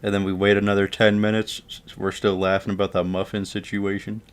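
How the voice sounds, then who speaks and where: A man's voice: lowish voice, flat delivery, brisk, clean tone. A man casually telling a funny story from his school days, loose and profane, laughing along. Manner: loose and profane, chuckling through the tale.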